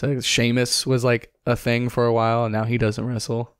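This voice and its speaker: A man's voice: mid-range voice, level tone, normal speed, clean tone, dry recording, studio quality. A man co-hosting a podcast, chatting casually and rambling with lots of fillers and swearing. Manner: rambling, profane, many fillers and restarts. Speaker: podcast co-host. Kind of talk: casual chat.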